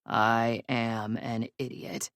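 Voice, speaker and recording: A woman voicing a rough, sheepish young male hockey player who is hungover, his voice low and rasping in an audiobook. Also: level tone, drawn-out words, fairly bright tone, dry recording, clean studio sound, exaggerated voice. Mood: hungover, groggy. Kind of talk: audiobook character reading.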